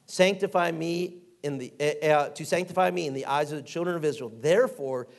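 A man preaching a sermon in a fairly high voice. He is middle-aged and folksy, slipping into little acted-out voices and reading scripture in a slower, measured way. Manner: folksy and animated, acting out quotes and reading scripture aloud.

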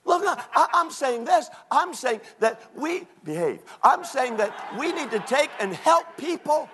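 Animated, high-pitched preaching man. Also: a little slow. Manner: animated, mocking, preaching with quoted put-on voices. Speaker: pastor. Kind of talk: sermon.

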